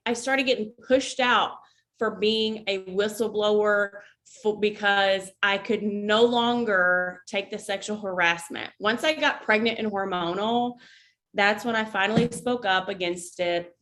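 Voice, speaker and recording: Speaking at a measured pace with fairly even intonation, a woman with a medium-pitched, slightly bright voice chats to camera. She's an army veteran vlogging casually, conversational and frank, frequently breaking off on tangents.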